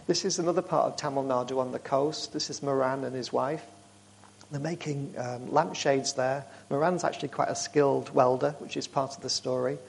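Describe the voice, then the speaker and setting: A man speaking to a church group, telling warm, rambling stories with frequent restarts. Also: mid-range voice, steady tone, moderate pace, vocal fry, a little hiss or hum. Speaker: charity speaker.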